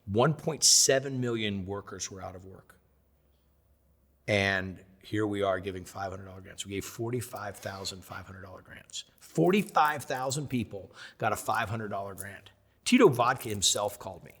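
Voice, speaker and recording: Husky-voiced man telling a story. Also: lowish voice, lively intonation, normal speed. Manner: acts out quoted dialogue, swings between loud and hushed. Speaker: chef, interview guest. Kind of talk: animated storytelling.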